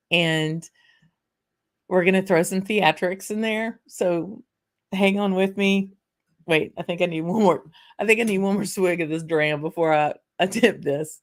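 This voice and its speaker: A woman with a South Louisiana accent hosting a whisky show, chatting with many fillers and laughs, then reading a poem with theatrical flair. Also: lowish voice. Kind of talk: casual chat and dramatic poem reading.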